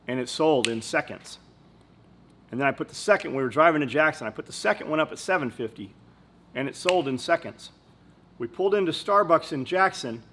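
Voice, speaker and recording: A man's voice: mid-range voice, a bit bright. A man hosting a podcast, telling rambling business anecdotes in blunt, casual talk full of swearing. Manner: blunt and profane, swears freely. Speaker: company owner and podcast host. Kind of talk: casual storytelling chat.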